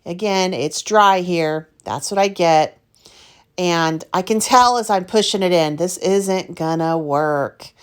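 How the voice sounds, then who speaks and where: A woman's voice: fairly low pitch, takes it slowly, smooth. Chatty, candidly frustrated craft host woman. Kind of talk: casual chat narrating her art process.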